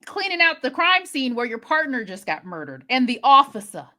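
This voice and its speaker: A woman co-hosting a podcast, recapping a movie in casual chat with expressive, exasperated asides. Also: sits high, normal speed. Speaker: podcast co-host.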